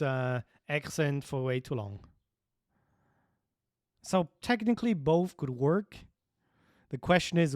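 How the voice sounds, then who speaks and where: A man's voice: a little high, a little mellow, smooth, no echo, studio quality. A young man chatting casually on a livestream, rambling and thinking aloud while chuckling at his own ideas. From Switzerland. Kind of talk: casual stream chat.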